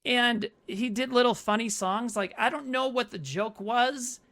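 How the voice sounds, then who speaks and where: A man's voice: very high-pitched, a little slow, bright, forceful tone. A man co-hosting a podcast, recapping a horror movie in casual, swearing, rambling chat. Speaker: podcast co-host.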